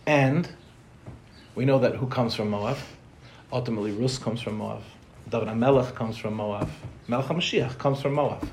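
A young man teaching a Torah class in a quick, joking way, throwing rhetorical questions at his listeners. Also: medium pitch, darkish tone, a little hiss or hum.

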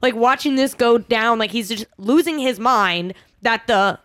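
A woman in her twenties hosting a podcast, telling a dating story in casual chat with lively, dramatic retelling. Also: on the high side, unhurried, no echo, studio quality. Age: 20s. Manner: animated, dramatic retelling with laughter. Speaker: podcast host.

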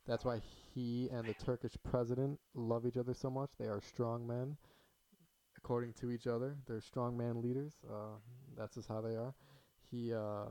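A man co-hosting a podcast, speaking in a measured, articulate and wry way during casual political chat. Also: medium pitch, flat delivery, mellow, rough recording. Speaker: podcast co-host.

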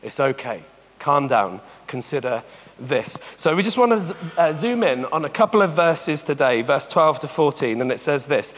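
A pastor preaching a sermon in a notably high voice for a man, chatty as he tells stories and slowing down for scripture and reflection. His words trail off into a long reverb from the church around him. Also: lively intonation. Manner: conversational, storytelling, slows for scripture and reflection.

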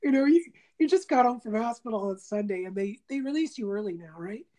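A woman's voice: fairly high pitch, quick pace, crowd noise, poor audio. A middle-aged woman in casual chat, telling a story with lots of laughter and acted-out quotes. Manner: animated storyteller, laughs often, acts out quotes.

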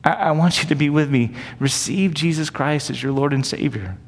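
A man's voice: a little high, normal speed, slightly rough. Earnest man preaching in a reverberant hall. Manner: earnest, conversational preaching with rhetorical questions. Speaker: pastor. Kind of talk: sermon teaching.

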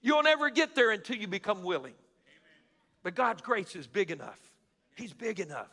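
A male pastor preaching a sermon with passion, moving from shouts to quiet, confiding prayers. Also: high voice, animated, normal speed. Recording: echoey church hall.

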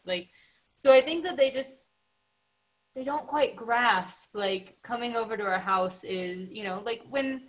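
A woman's voice: a little high, measured pace, rough recording. A woman hosting a podcast, talking in a chatty, casual way with lots of filler words.

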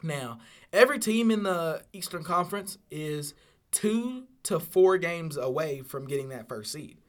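A man's voice: a little high, expressive, unhurried. Exasperated young man grumbling about basketball. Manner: whiny, exasperated, bursts into loud outcries. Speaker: podcast co-host, Lakers fan. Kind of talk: casual sports chat.

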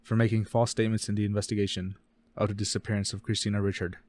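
A man co-hosting a casual true-crime podcast, reading case details fast and often stumbling and correcting himself. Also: on the low side, level tone, darkish tone, no room sound. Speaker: podcast co-host.

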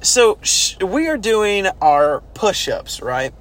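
A man casually telling stories from basic training, animated and swearing, now and then shouting out quoted orders. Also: high voice, slow pace. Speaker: former army recruit telling stories. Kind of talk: casual storytelling chat.

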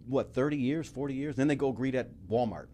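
A middle-aged man telling his story as a podcast guest, animated, laughing often and swearing casually. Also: mid-range voice, a little fast, slight background noise.

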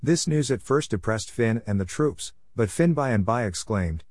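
A man reading a folk tale aloud as an audiobook narrator, in a steady, measured way. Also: mid-range voice.

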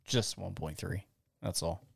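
Man, low gravelly voice, dry close sound, wry co-host quips. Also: unhurried, dry recording. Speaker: podcast co-host. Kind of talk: casual chat.

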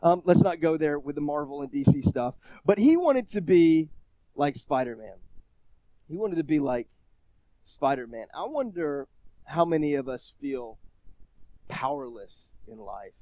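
A man in his thirties delivers a sermon in a fairly high voice. He shifts between loud, emphatic scripture reading and quiet, chatty storytelling. The sound is dry and close, with little room echo. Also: animated, a little slow. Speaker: preacher.

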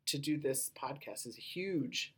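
A woman hosting a podcast with a low voice that gets mistaken for a man's, talking casually and rambling with lots of filler words. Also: expressive, measured pace, slightly rough. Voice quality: low voice often taken for a man's on the phone. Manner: rambling, many "you know" fillers. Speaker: podcast host.

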